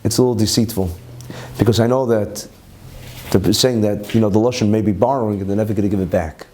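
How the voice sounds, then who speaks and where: Male rabbi teaching a lively class. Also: fairly low pitch, quick pace, a little hiss or hum. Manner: animated, quotes figures in raised voices. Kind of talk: Torah class with storytelling.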